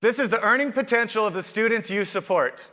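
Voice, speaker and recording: A high-voiced man speaks with a bright, forward tone as he hosts a conference keynote. He stays upbeat and keeps turning to the crowd with questions. His voice rings out through a large hall with a long, trailing echo. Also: brisk. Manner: upbeat, addresses the audience directly with questions.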